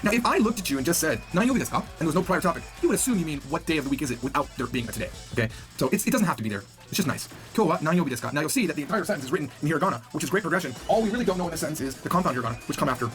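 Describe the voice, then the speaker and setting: Fast, lively male language teacher. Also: a little high, faint music behind. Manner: upbeat, chatty, repeats words for drill. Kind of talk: recorded beginner lesson.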